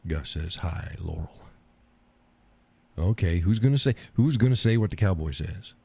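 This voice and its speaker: A man's voice: low-pitched, lively intonation, moderate pace, gravelly, warm tone, husky. A man hosting a casual live stream, joking in a folksy way, reading viewers' comments aloud and laughing often.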